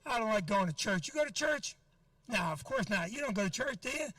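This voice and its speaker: A middle-aged man working a comedy club crowd, brash and profane and never letting up on the teasing. His voice sits high for a man. The sound is dry, with the mic set back from him. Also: animated, fairly quick, fairly bright tone, dry recording, distant mic. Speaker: stand-up comedian. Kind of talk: stand-up set with crowd work.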